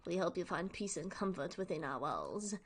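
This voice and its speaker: A woman reading aloud the lines of welcoming temple cats in a game, in a formal, measured way. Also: on the low side, lively intonation, slightly rough.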